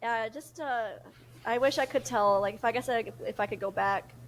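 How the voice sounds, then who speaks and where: A woman's voice: on the high side, normal speed, a little hiss or hum, low-quality recording. A young woman, talking openly and with feeling as a podcast co-host. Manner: animated and emotional, quotes others in lively voices. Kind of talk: casual chat.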